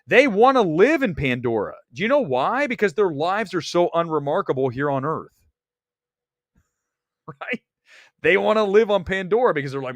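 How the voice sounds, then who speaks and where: A man hosting a movie livestream, blunt and teasing as he reads his chat. His pitch swings widely and sits a touch high. The sound is close and dry. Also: sing-song, moderate pace, no echo. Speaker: livestream host.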